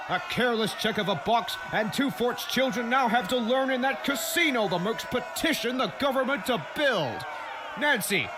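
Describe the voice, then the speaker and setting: Brief: man as loud, bombastic comedy mayor, high, swooping delivery. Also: background noise. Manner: bombastic speech-making, shouting to a crowd. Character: blustering small-town mayor rallying a mob. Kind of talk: comedic fan-dub voice acting.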